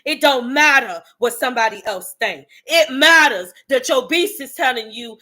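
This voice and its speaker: Blunt, bright-voiced woman preaching tough love. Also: sits high, animated, moderate pace, few pauses. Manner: blunt, profane, preachy, calls out the listener directly. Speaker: motivational speaker. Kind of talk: fiery motivational monologue to viewers.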